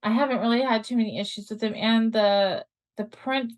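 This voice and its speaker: A middle-aged woman guest chatting casually, bubbly and quick to laugh. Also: on the high side, fairly even intonation. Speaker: guest, journal creator. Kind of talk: casual chat.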